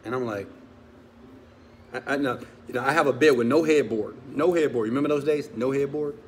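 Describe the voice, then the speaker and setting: A man, a motivational speaker, tells a personal story with strong feeling. He swings from loud urging to hushed confession and keeps asking his listeners questions. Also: mid-range voice, brisk, slight background noise. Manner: talks straight to listeners with questions.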